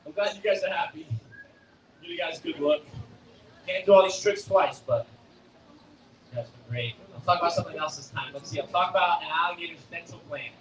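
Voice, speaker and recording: A man's voice: fairly high pitch, brisk, long pauses, a bit bright, slight background noise. A young man presenting a live alligator show outdoors, joking with and quizzing the crowd, filmed from the audience. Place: outdoor alligator show arena at a theme park. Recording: distant, echoey, faint outdoor ambience.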